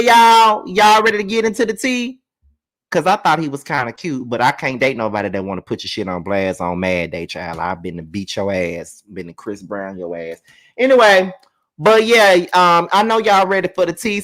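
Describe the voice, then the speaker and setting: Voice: mid-range voice, a bit bright. A host giving casual gossip commentary to viewers, with a sassy, chatty manner and free swearing.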